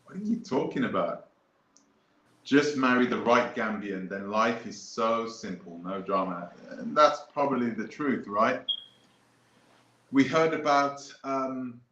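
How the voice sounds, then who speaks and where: A man's voice: medium pitch, a little slow, fairly bright tone. Man ranting in a roomy, dull recording. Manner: rambling, emphatic, repeats points. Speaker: host. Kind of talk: casual chat on a live stream.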